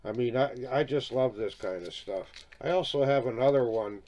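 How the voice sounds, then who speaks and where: A man, older, talks through his record albums one after another in a loose, rambling way. He drifts into side stories and checks in with his listeners as he goes. His voice sits at an ordinary middle pitch for a man. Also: moderate pace, a little mellow. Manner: rambling, chatty, peppered with "eh?" and "right?", chuckles often. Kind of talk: casual video chat about vinyl records.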